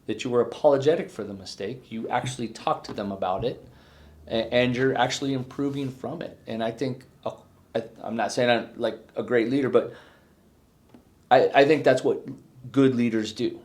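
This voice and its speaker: A middle-aged man and retiring fire chief, reflecting in an exit interview, earnest and halting with many restarts. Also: medium pitch, a little mellow.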